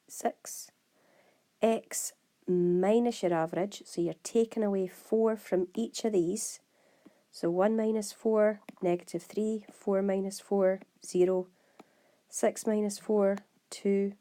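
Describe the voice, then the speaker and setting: A woman's voice: mid-range voice, dark tone, no echo. A woman with a Scottish accent, a maths teacher working through exam questions step by step and talking straight to her students. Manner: brisk, step-by-step, talks to students directly. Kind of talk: exam walkthrough lesson.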